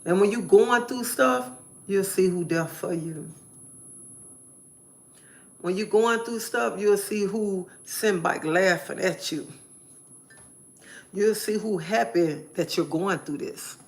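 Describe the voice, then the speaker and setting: A woman's voice: medium pitch, slow, pauses often. A woman live streamer giving an emphatic personal testimony, repeating phrases in a preacherly way.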